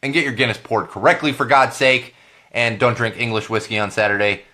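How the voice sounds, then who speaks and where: A man in his thirties with a hoarse voice from a cold, hosting a podcast in a casual rambling monologue that repeats phrases for emphasis. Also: medium pitch, steady tone, a little fast, background noise. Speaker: podcast host.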